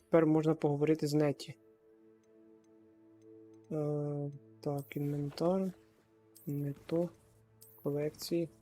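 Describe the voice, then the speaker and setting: A man's voice: on the high side, little pitch movement, slow pace, pauses often, dark tone, faint music behind. A man from Ukraine giving casual let's-play commentary, joking and muttering reactions to the game. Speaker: gaming streamer.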